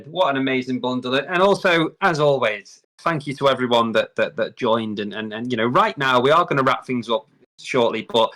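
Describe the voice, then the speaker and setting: A man's voice: mid-range voice, fairly bright tone. A man hosting a live stream, chatting casually and effusively, often repeating words as he talks. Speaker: host. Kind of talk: casual livestream chat.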